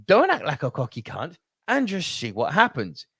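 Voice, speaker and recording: Man, podcast co-host, swearing storyteller, lively swooping pitch, dry close sound. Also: normal speed, gravelly, husky, dry recording. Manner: profane, animated storyteller. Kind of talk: casual podcast chat.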